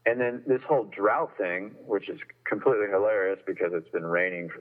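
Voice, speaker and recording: Over a tinny phone line, a caller from Northern California complains in a casual chat, rambling and restarting often. His voice is lowish and his pace brisk.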